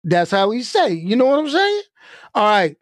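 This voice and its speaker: A man giving live-stream commentary in an animated way, stopping often to add "okay?" and "all right?" for emphasis. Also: high voice, normal speed, dry recording, clean studio sound.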